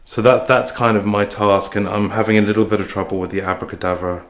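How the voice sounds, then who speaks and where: A man's voice: fairly low pitch, little pitch movement, fast, fairly bright tone. Sweary man in an echoey kitchen. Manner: chatty, sweary, self-deprecating. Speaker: musician vlogger. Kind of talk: casual rambling vlog. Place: home kitchen, cooking. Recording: echoey kitchen with faint clatter.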